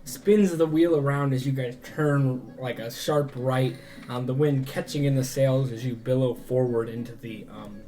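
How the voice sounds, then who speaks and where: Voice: mid-range voice, steady tone, normal speed, warm tone. A game master narrating a tabletop game in a rambling way, full of fillers.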